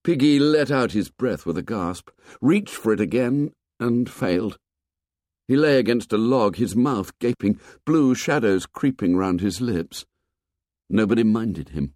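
A man narrating an audiobook with expressive storytelling. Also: on the low side, unhurried, dry recording, studio quality. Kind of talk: scripted narration.

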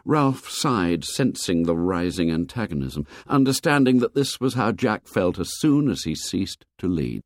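Brief: male audiobook narrator, low voice, very lively pitch, expressive measured reading. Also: no echo, clean studio sound. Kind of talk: scripted narration.

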